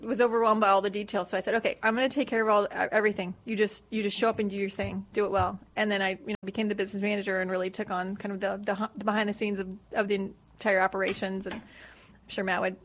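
A woman's voice: mid-range voice, level tone, fast. A woman guest in a radio studio, telling her story in a chatty way and acting out quotes of other people. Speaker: guest, business manager. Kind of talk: casual studio interview.

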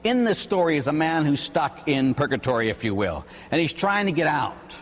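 A man, a Catholic priest, preaching a sermon with animated, emphatic storytelling. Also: a little high, moderate pace, in a large hall.

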